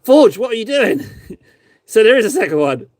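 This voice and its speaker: A man's voice: high-pitched, sing-song, moderate pace, darkish tone, no room sound. A man chatting casually on a live stream, reviewing viewers' painted miniatures in a rambling, self-mocking, playful way.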